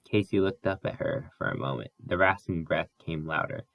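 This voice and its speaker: A man with a deep, gravelly voice reads a novel aloud, careful and unhurried, fixing small slips as he goes. The sound is close and dry, with no room around it. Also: no room sound, lo-fi sound. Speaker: audiobook reader. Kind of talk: audiobook narration.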